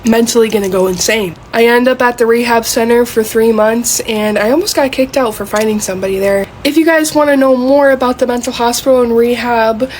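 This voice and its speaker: A young woman telling a personal storytime while doing her makeup, loud and emphatic as she acts out the quotes. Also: fairly high pitch, fairly even intonation, brisk, hardly any pauses, a little hiss or hum. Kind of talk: get-ready-with-me storytime.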